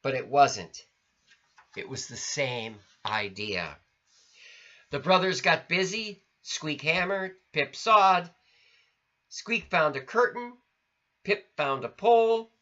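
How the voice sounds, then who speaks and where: Lively, unhurried man reading a storybook. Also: a little high. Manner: expressive, sing-song. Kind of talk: storybook read-aloud. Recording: lo-fi recording.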